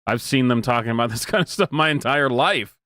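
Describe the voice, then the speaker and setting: A man's voice: medium pitch, expressive, brisk, pushed and bright, no room sound, studio quality. A man in his thirties streaming live, reacting to clips with sarcastic, mocking commentary and frequent laughter. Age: 30s.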